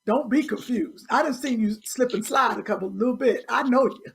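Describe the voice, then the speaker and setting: Woman, comedy podcast co-host, high pitch, gravelly, husky, loud and teasing. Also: fairly quick, slight background noise. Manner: loud, teasing, animated storytelling. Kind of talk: casual comedic chat.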